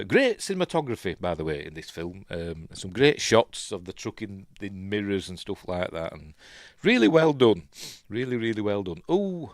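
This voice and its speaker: A Yorkshire man who hosts a film channel reviews a movie while watching it, in a relaxed, rambling watch-along. He's chatty, says "um" a lot, and corrects himself mid-sentence. His fairly low voice sounds close and dry, with no room echo.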